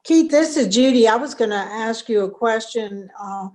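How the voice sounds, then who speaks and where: A woman's voice: fairly high pitch, normal speed, darkish tone. A woman politely asking a question over a video call. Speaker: questioner in audience.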